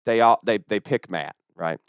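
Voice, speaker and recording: A young man, a stand-up comedian telling a story in casual chat, fast and full of swearing. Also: on the low side, clean tone. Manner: fast-talking, profane.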